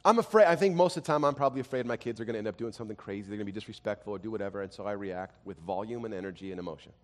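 A man in his thirties preaching a sermon, telling family stories, dropping to quiet and rising to loud. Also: fairly low pitch, racing. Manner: animated storytelling, swings from quiet to loud. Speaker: pastor. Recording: long hall reverb.

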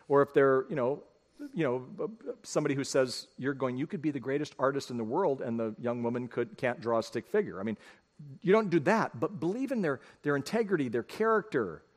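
Folksy middle-aged pastor, lively pitch. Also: male voice. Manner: folksy, storytelling, addresses the congregation directly. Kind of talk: conversational sermon. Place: church sanctuary.

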